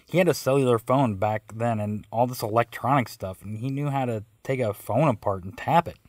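A man's voice: mid-range voice, a little fast, no echo, natural voice. Guy doing a bossy lady talking down to someone like a little kid, dry sound. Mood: gossiping. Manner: patronizing, instructing. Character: bossy woman talking down like to a child.

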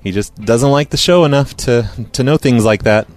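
A man's voice: mid-range voice, normal speed, soft background music. A man hosting a podcast, playing listener voicemails and answering them with dry, sarcastic asides. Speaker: podcast host. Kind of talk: casual voicemail show banter.

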